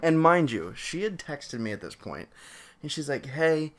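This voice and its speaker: A young man telling a story on a casual vlog, excitable and laughing, with many fillers. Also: on the high side, normal speed. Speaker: co-host telling a birth story.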